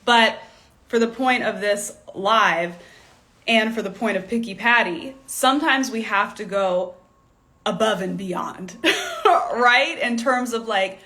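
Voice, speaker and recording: A woman's voice: on the high side, animated, takes it slowly, sharp tone. A young woman, a fashion stylist, giving casual live coaching, chatty and candid, with a tickle in her throat that keeps making her cough. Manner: chatty and candid, with frequent laughs and "like" fillers. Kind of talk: casual livestream teaching.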